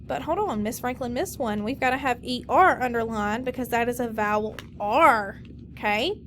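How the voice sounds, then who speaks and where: A woman teacher leading a recorded phonics lesson, slowly modeling and stretching out each word for students. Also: a little high, fairly bright tone, a little hiss or hum. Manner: slow, drawn-out modeling of words.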